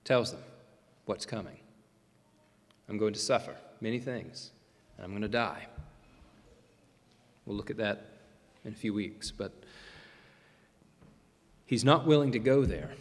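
A man preaching a sermon as pastor, emphatic, with dramatic pauses and swings between loud and soft. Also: mid-range voice. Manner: emphatic, rising and falling delivery with dramatic pauses. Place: church sanctuary. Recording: long reverb of a large hall.

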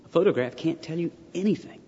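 A man's voice: a little high, expressive, fast talker, warm tone. An older man giving a theology lecture, emphatic, repeating key points and asking rhetorical questions. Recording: lo-fi lecture recording with long reverb.

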